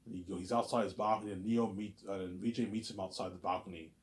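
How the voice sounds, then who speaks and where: Man, low voice, rambling vlogger who keeps saying "you know what I'm saying" and jumps loud to act out lines. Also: steady tone, fast talker, a little hiss or hum. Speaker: vlogger pitching a movie idea. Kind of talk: rambling casual monologue to camera.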